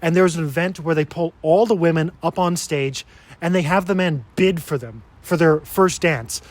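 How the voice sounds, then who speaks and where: Guy with a slightly high voice ranting about a book, sarcastic and fed up. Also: normal speed. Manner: sarcastic, exasperated. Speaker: book reviewer. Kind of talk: casual review.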